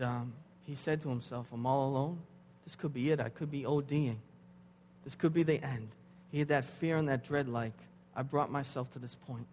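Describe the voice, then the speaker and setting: A man in his thirties preaching a sermon, dropping to hushed tones and rising to loud, pleading intensity. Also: medium pitch. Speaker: pastor. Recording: hall reverb with faint hum.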